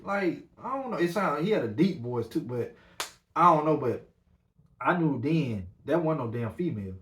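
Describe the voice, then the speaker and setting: A man's voice: on the high side, normal speed. Rambling man telling a story. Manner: animated, rambling with many fillers. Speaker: podcast host. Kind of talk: casual storytelling. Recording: roomy echo.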